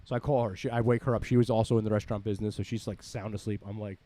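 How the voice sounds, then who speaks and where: A man casually telling a rambling, animated story full of swearing, as a podcast host. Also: lowish voice, rapid-fire.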